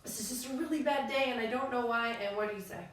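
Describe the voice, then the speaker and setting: A woman with a fairly high voice tells stories in an animated way, acting out what others said. She is a coach co-hosting a relaxed conversation. The sound is roomy and very echoey, from a mic set well back, with faint noise. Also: fast talker, recorded from a distance. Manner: animated storyteller, acts out quotes. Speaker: podcast co-host and coach. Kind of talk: casual conversation.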